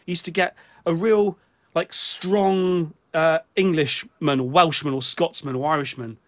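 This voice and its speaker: A British man with a notably high-pitched voice talks through a casual music chat. He halts and restarts his sentences often, feeling his way toward each point as he goes. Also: steady tone, a little slow, a bit bright. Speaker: show host.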